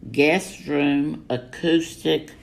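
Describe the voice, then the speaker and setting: Speaking extremely slowly in a gravelly, slightly high voice with a steady tone, a man vlogs from home in lockdown. He tells campy, chatty stories to camera and swears freely, over a little hiss or hum.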